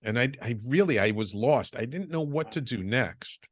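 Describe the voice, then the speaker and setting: A middle-aged man guesting on a podcast, telling his business story with lively acted-out dialogue and stumbling restarts. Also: medium pitch, moderate pace, no room sound, clean studio sound. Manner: animated storyteller, acts out quoted dialogue, frequent restarts. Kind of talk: storytelling interview.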